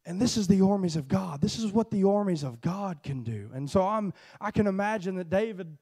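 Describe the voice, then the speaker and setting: A man preaching a sermon in an animated, storytelling way, acting out dialogue from the story. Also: high voice, brisk, slightly rough.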